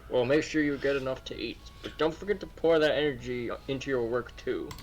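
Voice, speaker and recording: A man voicing a stern but caring middle-aged father while reading game dialogue, with a steady, lecturing tone. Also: mid-range voice, brisk, close to an everyday voice, low-quality recording.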